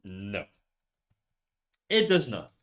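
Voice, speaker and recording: A man's voice: fairly low pitch, wildly swooping pitch, very slow. A man chatting casually with his viewers during a drawing livestream, rambling and often dropping to a mutter as he works. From Canada. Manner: rambling, chats with viewers, drops to quiet muttering while working. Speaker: streamer.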